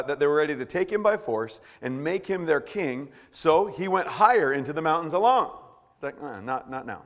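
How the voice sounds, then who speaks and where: A lively male pastor delivers a sermon with a high, wide-ranging voice that swoops up and down as he acts out scenes. He jokes with the congregation and stammers or shouts for effect. The sound carries a long reverb from a large church hall. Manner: animated, jokey, acts out quotes with shouts and stammers.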